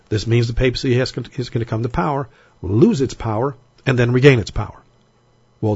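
A man teaching Bible prophecy in a recorded sermon, talking conversationally and slowing down to stress the scripture he reads. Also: medium pitch, darkish tone, breathy edge, no echo, muffled recording.

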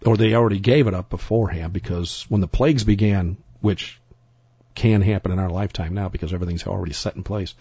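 A man's voice: sits low, fast, warm tone, slightly rough, no echo, muffled recording. A man giving sermon-style Bible teaching, emphatic and rambling, often repeating himself and restarting sentences.

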